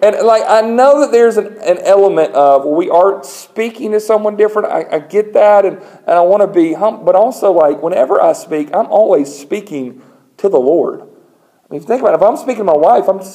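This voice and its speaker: A man with a slightly high voice preaches a sermon in a relaxed, conversational way. He tells stories with gentle humor and sometimes acts out other people's voices, with plenty of casual fillers. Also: brisk, poor audio. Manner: conversational, animated storytelling with acted-out voices; frequent fillers and restarts, lightly humorous. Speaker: pastor.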